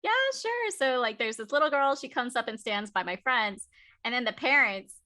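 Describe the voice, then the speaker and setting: A woman chatting at home on a video call as an interview guest, telling lively stories and acting out what people said. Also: on the high side, normal speed. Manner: animated storyteller, acts out quotes. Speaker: guest cosplayer. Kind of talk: casual interview chat.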